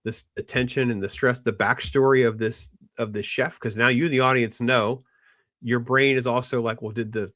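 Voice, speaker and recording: A man hosting a casual film discussion, rambling with restarts and animated quoting of characters. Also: mid-range voice, brisk, no echo, clean studio sound. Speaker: podcast host.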